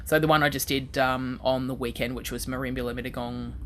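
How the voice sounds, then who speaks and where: An Australian woman, a comedian, chatting in an interview and telling lively stories that she acts out. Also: extremely low pitch, fast talker, slight background noise. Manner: animated storyteller, acts out quoted voices. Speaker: comedian guest. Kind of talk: casual interview chat.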